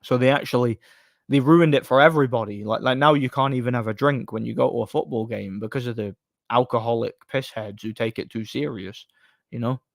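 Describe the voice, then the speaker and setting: A man with a medium-pitched, creaky voice talks briskly in a dry, studio-quality recording. Hosting a live stream, he reads out chat comments and gives blunt, opinionated takes on boxing, rambling and restarting his sentences as he goes.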